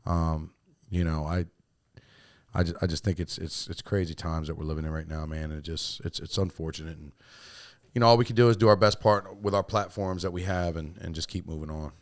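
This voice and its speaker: A man hosting a podcast in casual chat, loose and swearing, with many restarts and sudden louder bursts. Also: low-pitched, a little fast, no echo. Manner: loose and swearing, restarts a lot, bursts up loud when excited. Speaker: podcast host and coach.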